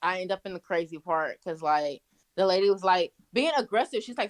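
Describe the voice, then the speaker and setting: A woman's voice: fairly low pitch, lively intonation, brisk. A young woman telling wild stories in casual, profane chat, laughing as she goes. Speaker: guest. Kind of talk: casual storytelling.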